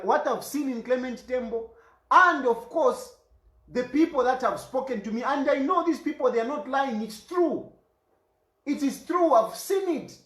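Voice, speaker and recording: A man's voice: very high voice, bright, forceful tone, echoey room. A Zambian man delivering an impassioned political rant, indignant and fond of repeated rhetorical questions. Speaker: political commentator.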